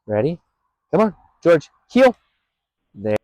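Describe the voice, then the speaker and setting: A man's voice: fairly high pitch, very animated, slow pace, darkish tone, no echo. A man training a dog outdoors on a busy street, explaining his approach plainly and calling out praise to the dog. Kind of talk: outdoor training talk to camera.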